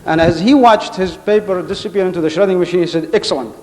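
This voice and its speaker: High-voiced man telling funny stories in a hall. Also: steady tone, fast talker, darkish tone. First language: Arabic. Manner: storytelling, acting out quoted characters. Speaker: contest speaker. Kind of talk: humorous public speech. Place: large hall on stage. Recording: hall with long reverb.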